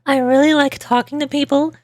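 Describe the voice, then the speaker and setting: High-voiced, quick-talking woman streamer. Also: dry recording, studio quality. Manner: talks fast when excited, giggly. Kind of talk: casual livestream chat.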